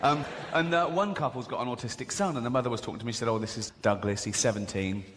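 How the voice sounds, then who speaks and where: A man's voice: medium pitch, fast talker, a bit bright. A man doing a stand-up comedy routine, chatty and mocking, laughing at his own jokes. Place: large theatre with live audience. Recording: echoey hall with audience noise.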